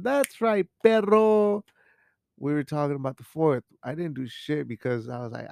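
A man's voice: medium pitch, vocal fry, darkish tone, no echo. A young man hosting a show in a home studio, rambling casually and swearing, with Spanish words mixed in. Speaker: podcast host. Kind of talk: casual chat.

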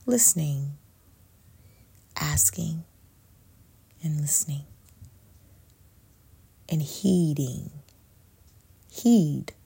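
A woman coaching on faith and abundance in a soft, meditative way, often dropping to a whisper for emphasis. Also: deep voice, creaky, slightly rough, dry recording. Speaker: spiritual life coach. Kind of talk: slow reflective faith talk to camera.

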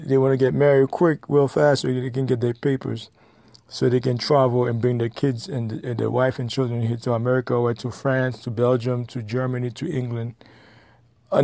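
Blunt guy lecturing his viewers, gravelly fry, dry close sound. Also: mid-range voice, warm tone, no echo. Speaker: vlogger giving advice. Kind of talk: opinionated monologue to camera.

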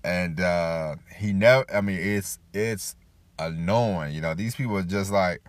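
Low-pitched and unhurried, this man hosts a casual motivational podcast in a dry, echo-free sound. He wanders and repeats himself, leaning on "you know," and performs quoted voices along the way.

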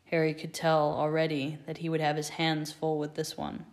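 A woman narrating a fan fiction story aloud in a measured, expressive reading. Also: deep voice.

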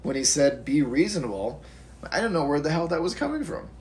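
A man's voice: on the high side, sing-song, fast, darkish tone. A man in casual conversation, laid-back and often laughing as he talks. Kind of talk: casual chat.

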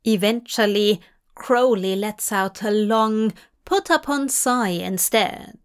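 A woman reading fanfiction aloud as an audiobook, in measured, gently expressive storytelling. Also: mid-range voice, smooth. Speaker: fanfiction reader.

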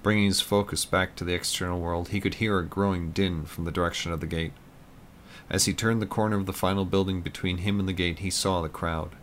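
A man narrating an audiobook in a measured, plain storytelling manner. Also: low voice, steady tone, a bit bright, slight background noise.

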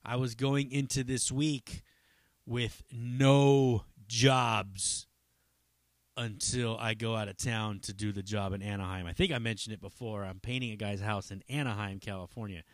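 Speaking unhurriedly in a steady, fairly low voice, a podcast host drifts through a casual chat full of profanity, fillers, and tangents. It's a dry, studio-quality recording.

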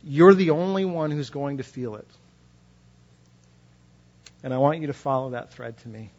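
A man voicing a wise, protective fairy grandmother from an old fairy tale, speaking in a calm, reassuring, instructive way. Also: mid-range voice, moderate pace, lo-fi sound.

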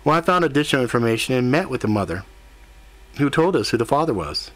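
A composed woman with a dry wit and a matter-of-fact delivery, voiced by a man. He lifts his pitch only slightly from the middle of a man's range. This is a storybook character voice. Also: expressive, fast talker, lightly acted. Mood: calm.

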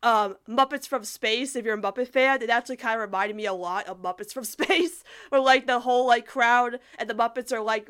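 A woman's voice: a little high, fairly bright tone, clear, resonant tone. A young woman co-hosting a casual podcast chat, giggling often and rambling with lots of fillers. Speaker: podcast co-host. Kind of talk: casual chat reviewing a cartoon episode.

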